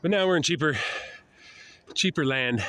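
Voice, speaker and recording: An older man with a head cold and a nasal voice, rambling in a casual walking vlog outdoors, often sighing and clearing his throat. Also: fairly high pitch, normal speed, a bit bright. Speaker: traveling vlogger. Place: outdoors, walking along roads and a river valley.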